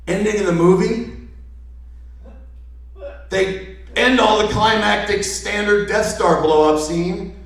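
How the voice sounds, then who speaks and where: A man's voice: high voice, slow, pauses often. A man doing a sarcastic, profane stand-up rant at a live comedy show. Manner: ranting, sarcastic, heavy swearing. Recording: echoey live room, voice from far off the mic.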